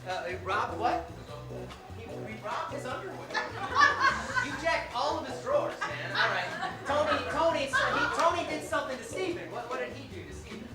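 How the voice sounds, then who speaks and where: A woman hosting a live improv comedy show, joking loudly with the audience on a club stage. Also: high voice, expressive, normal speed. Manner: loud, joking, laughing with the audience. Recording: echoey club, distant mic, crowd and music. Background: audience laughter and music.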